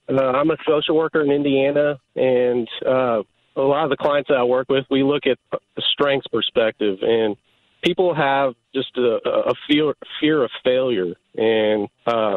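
A man's voice: medium pitch, dry recording. Earnest male caller, tinny dry phone-line sound. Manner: earnest, measured. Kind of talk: phone-in call.

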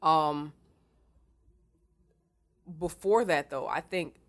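A woman co-hosting a podcast, talking through a book chapter in a casual, animated, slangy way. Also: low voice, extremely slow. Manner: animated, slangy, retells scenes in quoted voices. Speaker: podcast co-host.

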